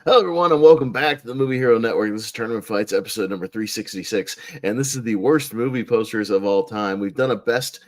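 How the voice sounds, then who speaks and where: Low-voiced rambling male stream host. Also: quick pace, hardly any pauses. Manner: rambling, heavy with "uh" fillers. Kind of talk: casual live-stream panel chat.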